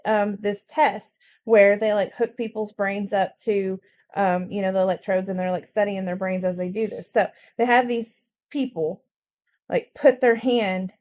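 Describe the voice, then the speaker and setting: Blunt, profane woman chatting casually. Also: medium pitch. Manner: blunt, profane storytelling with lively acted quotes. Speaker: podcast co-host. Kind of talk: casual chat.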